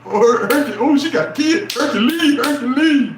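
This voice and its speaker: A man's voice: very high-pitched, expressive, moderate pace, echoey room, crowd noise, voice pushed up. A man mimicking a fake-sweet boyfriend who coos over a child in a syrupy way.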